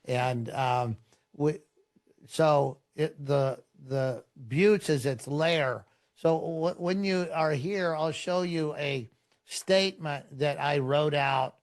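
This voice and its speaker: A man who is a pastor, a podcast guest telling a story in a relaxed, conversational way. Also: fairly high pitch, slow.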